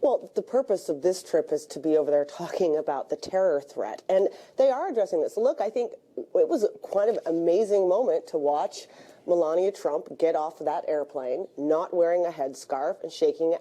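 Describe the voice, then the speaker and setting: Assertive female pundit, low dark voice. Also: lively intonation, normal speed. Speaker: political commentator. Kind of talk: broadcast panel discussion.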